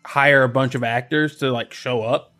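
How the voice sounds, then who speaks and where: A man's voice: mid-range voice, fairly even intonation, moderate pace, a bit bright, faint music behind. A man co-hosting a comedy podcast, chatting loosely and joking. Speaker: podcast co-host. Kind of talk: casual comedy chat.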